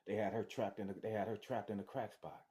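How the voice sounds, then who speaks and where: Deep-voiced man, casual storyteller, repeats himself and acts out the other voices. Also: fast. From Detroit. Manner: animated, acts out voices, restarts and repeats words. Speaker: storyteller sharing his testimony.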